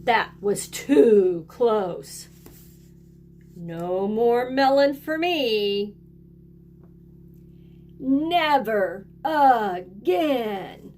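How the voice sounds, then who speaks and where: A woman voicing an anxious crocodile in a read-aloud picture book, drawn-out and dramatic. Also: a little high, lively intonation, a little mellow, faint music behind. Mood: dramatic worry.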